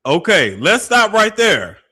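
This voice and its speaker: A man hosting a reaction show and commenting on a clip in an animated, laughing, profane and incredulous way. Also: high voice, takes it slowly, husky.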